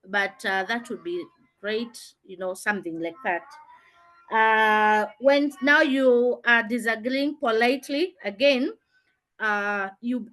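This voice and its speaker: A female teacher leads a classroom revision lesson, stressing key phrases, repeating herself and often pausing on "uh". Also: mid-range voice, sharp tone. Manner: emphatic, repeats key phrases with frequent "uh" fillers. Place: classroom with students.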